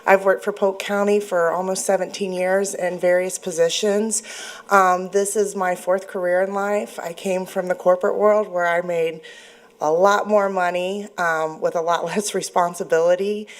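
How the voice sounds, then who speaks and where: A woman's voice: fairly low pitch, flat delivery, normal speed. Emotional woman teacher pleading at a podium. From Florida. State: close to tears. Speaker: teacher giving public comment. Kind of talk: public comment at a meeting. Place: public meeting chamber.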